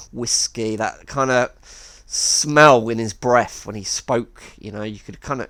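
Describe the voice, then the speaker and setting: A man's voice: medium pitch, sharp tone, no echo. A man telling a rambling anecdote with wry asides. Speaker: storyteller. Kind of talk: casual anecdote.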